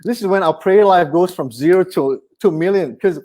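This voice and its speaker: A man. His voice sits high for a man. He keeps the sermon conversational and animated, slipping in humor. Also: fairly quick. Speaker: pastor.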